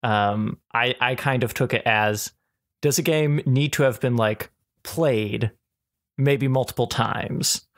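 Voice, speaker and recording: A man talks through his point on a casual podcast, stopping and starting as he works it out. His pitch sits in the middle of the usual range for a man. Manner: halting, thinks aloud with many restarts. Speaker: podcast co-host.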